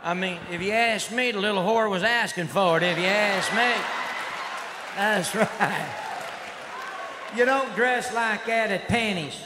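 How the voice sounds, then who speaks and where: A man performing a stand-up routine in a rowdy redneck persona, drawling and shouting. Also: sits high, a little slow. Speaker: stand-up comedian. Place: live comedy stage. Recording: live hall recording with crowd noise. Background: audience laughter and noise.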